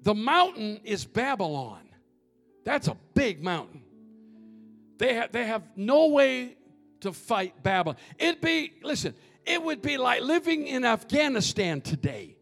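High, animated preacher man. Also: measured pace, gravelly, soft background music. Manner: swings from hushed near-whisper to shouted preaching. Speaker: pastor. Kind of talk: sermon.

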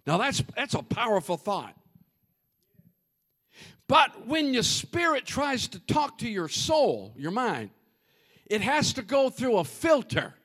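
A man preaching a humorous, animated sermon and addressing the congregation directly. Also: very high-pitched, takes it slowly, pauses often.

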